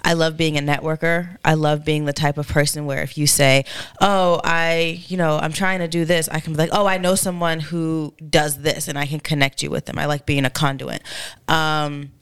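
A woman's voice: deep voice, flat delivery, moderate pace, fairly bright tone, smooth. A woman in her thirties co-hosting a podcast, talking candidly and chattily, a little congested. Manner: candid, chatty, fond of fillers. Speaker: podcast co-host. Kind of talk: casual chat.

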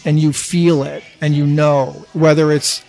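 A man in his fifties chatting casually, halting with restarts and swearing freely. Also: a little high, level tone, darkish tone, soft background music. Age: 50s. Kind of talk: casual chat.

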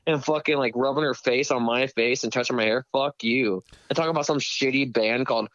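A man casually telling a story, profane and animated, putting on voices for the people in it, heard over a speakerphone. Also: medium pitch, fairly quick, no echo. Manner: profane, animated, acts out voices in his stories. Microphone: phone on speakerphone. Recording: dull speakerphone sound.

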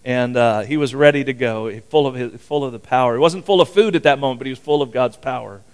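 A man's voice: medium pitch, fast, clean tone. An older man preaching a sermon as pastor, folksy and rambling, chuckling often as he talks.

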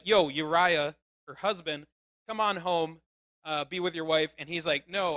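A man preaching a casual sermon, retelling the story in an animated way with emphatic bursts. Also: fairly high pitch, no echo.

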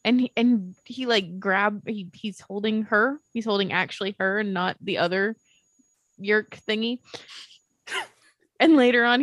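A woman from the American South, co-hosting a casual movie discussion, animated and swearing freely. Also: medium pitch, no echo. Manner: animated, swears, quick asides. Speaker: podcast co-host.

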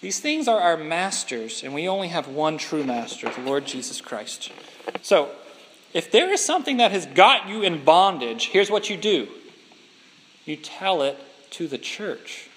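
Male pastor, emphatic sermon delivery, animated pitch, reverberant hall. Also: measured pace. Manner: emphatic, asks the congregation questions.

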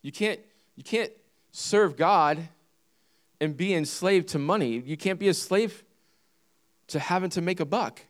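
With a high-pitched voice, a male pastor preaches at a measured pace, taking long pauses between phrases. He reads scripture and makes his points emphatically, repeating key phrases and asking his congregation questions.

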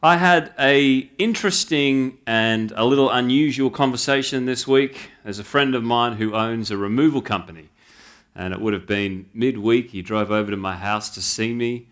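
Pastor telling a story. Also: male voice, medium pitch, normal speed. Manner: relaxed anecdotal storytelling with dry asides. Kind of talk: storytelling sermon.

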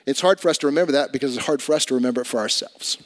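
A pastor preaching a sermon in a conversational way, swinging between loud emphatic bursts and quiet asides. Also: male voice, very fast. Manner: conversational preaching with dramatic swings in volume and pitch.

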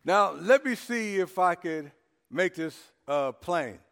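A man preaches with a strikingly high voice, stammering through fillers before hammering his key phrase over and over. His loudest lines ring out. The sound carries a long echo, as in a big hall. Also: expressive, takes it slowly, vocal fry, clear, resonant tone. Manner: repetitive call-and-response preaching, rising to shouts. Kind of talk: sermon.

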